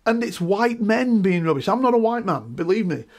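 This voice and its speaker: A middle-aged man, talking in an emphatic, animated way and checking in with "right?" as a guest in a casual discussion. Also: high-pitched, moderate pace.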